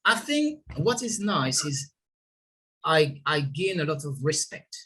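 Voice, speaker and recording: A middle-aged man from Guadeloupe with a French accent touched by British vowels, talking haltingly as an interview guest and laughing often. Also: a little high, sing-song, pushed and bright, slightly rough. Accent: French with British tinge. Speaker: restaurant owner guest. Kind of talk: casual interview talk.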